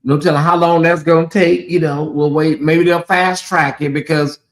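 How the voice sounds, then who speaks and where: A man's voice: fairly high pitch, fairly even intonation, moderate pace. A man with a Southern US accent hosting a casual livestream, talking straight to his viewers and reading out and answering their chat. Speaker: livestream host.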